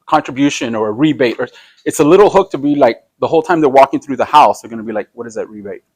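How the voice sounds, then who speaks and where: A man's voice: mid-range voice, darkish tone, dry recording. Middle-aged guy explaining sales stuff, chatty, keeps saying right, dry close sound. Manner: conversational, tags lines with "right?", acts out quick dialogue. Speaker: speaker teaching sales and personality types. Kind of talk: casual teaching talk.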